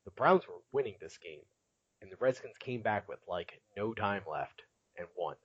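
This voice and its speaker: A man's voice: fairly low pitch, expressive, moderate pace, fairly bright tone, breathy edge, no echo, lo-fi sound. A man hosting a casual podcast, chatty and laughing often as he recaps, with many filler words. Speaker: podcast host.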